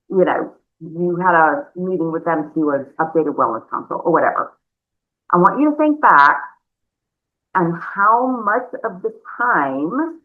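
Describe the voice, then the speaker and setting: A woman giving a conversational sales training talk, chatty and animated, calling her listeners y'all. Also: fairly low pitch. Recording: narrow phone-like sound.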